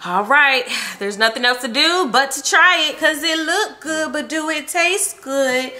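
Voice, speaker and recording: A woman's voice: high-pitched, a little slow, hardly any pauses, bright, forceful tone, faint music behind. A young woman vlogging in her home kitchen, chatting casually and animatedly while she cooks, with plenty of slang. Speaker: cooking vlogger. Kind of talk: casual chat while cooking.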